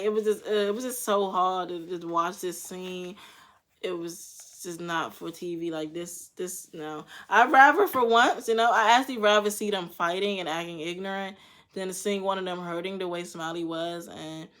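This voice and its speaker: Blunt and foul-mouthed, a young woman reacts to a reality show episode with frank, slang-filled opinions. Her voice is medium-pitched with a fairly bright tone.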